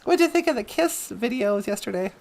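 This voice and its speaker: A woman's voice: on the high side, expressive, a little fast, gravelly, darkish tone. A woman hosting a comedic talk show, easygoing and playful, taking her time. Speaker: host.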